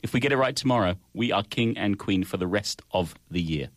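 A man's voice: fairly low pitch, a little fast, no echo. Playful male morning radio host. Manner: playful, deadpan joking. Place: radio studio. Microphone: studio microphone.

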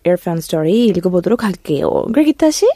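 A woman co-hosting a bilingual radio show, bubbly and quick to react. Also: fairly low pitch, big pitch swings, warm tone, no room sound. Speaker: radio co-host.

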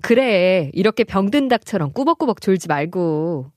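A woman voicing a young woman who chides a sleepy friend in a scripted radio dialogue, in a brisk, chiding manner. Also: mid-range voice, very animated, a little mellow, no room sound, clean studio sound, soft background music, lightly acted. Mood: teasing. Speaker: dialogue voice actor.

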